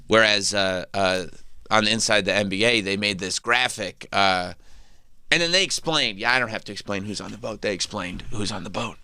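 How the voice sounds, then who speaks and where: A man hosts a radio talk show, rambling through sports chat with a joking edge. His voice is bright and forward. The studio sound is dry and close. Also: moderate pace, no echo. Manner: rambling, jokey, breaks into high-pitched mocking impressions.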